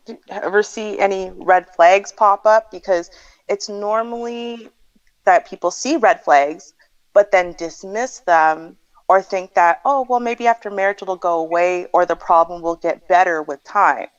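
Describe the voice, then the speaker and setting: A woman's voice: medium pitch, unhurried, smooth, no echo. Female co-host, thoughtful explanatory tone, dry and slightly dull audio. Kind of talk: livestream advice chat.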